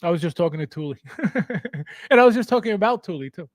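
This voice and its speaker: A man hosting a casual livestream from his basement, his voice pitched high and swinging widely up and down. He greets viewers by name and reads their chat aloud, laughing often. The sound is dry and close. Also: lively intonation, a little fast, dry recording. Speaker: livestream host. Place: home basement.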